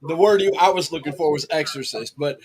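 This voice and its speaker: A man's voice: a little high, brisk, darkish tone. A man hosting a podcast, chatting casually and reading out viewer comments, often restarting his sentences. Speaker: podcast host.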